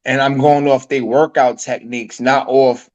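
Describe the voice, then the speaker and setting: A man's voice: medium pitch, level tone, moderate pace, darkish tone, muffled recording. A man as a podcast guest, telling his story casually with street slang and acting out the dialogue.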